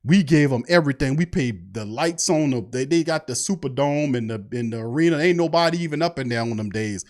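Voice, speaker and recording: A man's voice: medium pitch, brisk, a little mellow. A man hosting a sports show, delivering a heated, profane fan rant full of mocking asides. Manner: fired-up, preachy, profane, mocking imitations. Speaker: sports podcast host.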